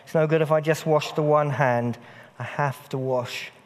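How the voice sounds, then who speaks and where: A man's voice: on the high side, fairly even intonation, moderate pace. Earnest male preacher, repeats stuff for emphasis, long reverb in a church hall. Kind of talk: sermon.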